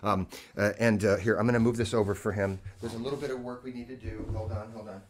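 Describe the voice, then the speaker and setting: A man's voice: fairly low pitch, fairly even intonation, fast talker, a crowd in the background. A man hosting a casual music livestream from his living room, rambling and self-mocking, with lots of fillers and restarts. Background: keyboard playing.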